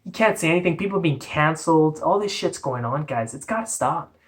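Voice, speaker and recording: A woman's voice: deep voice, animated, a little fast. A woman from Canada, delivering a profane, exasperated, blunt rant on her vlog. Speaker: vlogger. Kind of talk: ranting commentary vlog.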